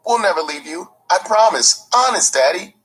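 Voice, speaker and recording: Guy doing a scared little boy voice, high and teary, begging, faint music behind. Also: animated, normal speed, a bit bright. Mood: pleading. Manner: high, tearful, pleading. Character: frightened ten-year-old boy pleading with his stepfather.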